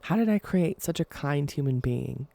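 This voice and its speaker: Chatty woman with a gravelly, mellow voice. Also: low-pitched, expressive, moderate pace. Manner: rambling, chatty, giggly. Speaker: podcast host. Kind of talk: casual solo podcast chat.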